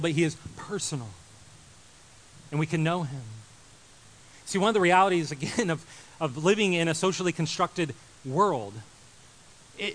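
A man in his thirties preaching a sermon, animated, moving from loud emphasis to quiet intensity. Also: high-pitched, poor audio. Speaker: pastor.

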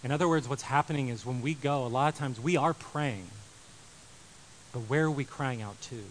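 A man in his thirties preaching a sermon, animated, moving from loud emphasis to quiet intensity. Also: mid-range voice, normal speed, slight background noise, poor audio. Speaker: pastor.

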